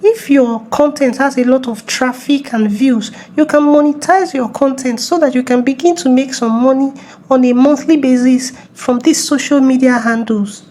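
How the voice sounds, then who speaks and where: A woman's voice: high voice, moderate pace, dark tone. A woman playing a self-assured young social media influencer, explaining herself with exasperation. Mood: exasperated.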